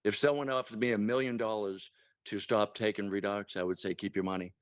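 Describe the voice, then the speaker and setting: A man in his sixties giving a casual testimonial on a call, halting with many fillers and restarts. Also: lowish voice, steady tone, smooth, no room sound. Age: 60s.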